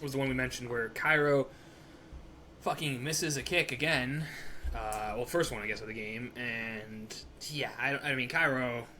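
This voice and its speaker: A man's voice: medium pitch, moderate pace, bright, forceful tone, slight background noise. A man co-hosting a casual sports podcast, ranting in an exasperated, profane way about announcers. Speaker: podcast co-host.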